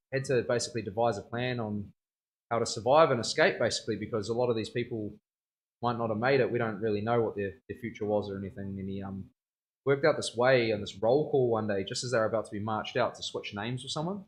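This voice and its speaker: A man, a tattoo artist chatting casually on a livestream, slangy and rambling, often laughing. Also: fairly low pitch. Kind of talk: casual chat.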